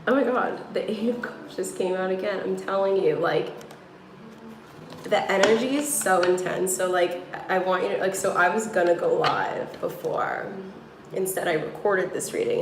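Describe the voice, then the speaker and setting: A woman with a New York accent talks casually to her livestream viewers from home, drifting between thoughts and leaning on fillers. Her voice sits low with a gravelly fry. The room sounds echoey, and steady noise runs underneath. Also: unhurried. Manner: rambling, filler-heavy, talking to viewers. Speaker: tarot reader livestreaming.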